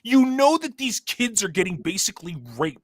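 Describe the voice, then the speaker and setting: A man's voice: high voice, lively intonation, normal speed, no room sound. A man co-hosting a casual sports podcast, ranting in a fired-up way. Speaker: co-host.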